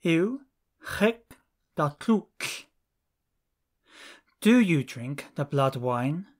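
A language teacher working through lesson drills at a very slow, careful pace. Each short phrase is set apart and clearly spoken, one after another, in a mid-range voice. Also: mid-range voice, big pitch swings.

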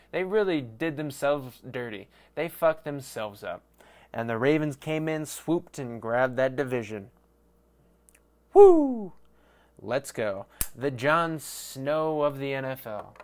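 A man talking alone into the mic for his fan podcast, loose and rambling. He swears freely and pokes fun at himself as he goes. His voice sits at an ordinary middle pitch. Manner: rambling, swearing, self-mocking. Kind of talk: casual solo sports rant.

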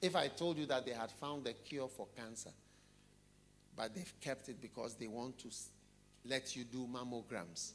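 A man moves at a moderate pace through a sermon story, questioning his hearers and often dropping to a quiet, low register. Slight background noise can be heard.

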